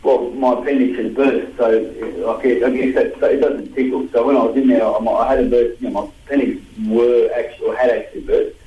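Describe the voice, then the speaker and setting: A man's voice: mid-range voice, level tone, brisk, few pauses, roomy sound, lo-fi sound. A man in his thirties with an Australian accent, talking bluntly and combatively as a guest on a radio show. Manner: blunt, combative, slang-heavy. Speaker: guest boxer. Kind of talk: radio phone-in interview.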